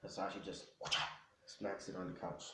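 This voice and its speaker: A man's voice: low voice, level tone, normal speed, heavy background noise. A young man telling a fan story in a loose, rambling way, full of slang and fillers. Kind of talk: casual fan-fiction storytelling. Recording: echoey room.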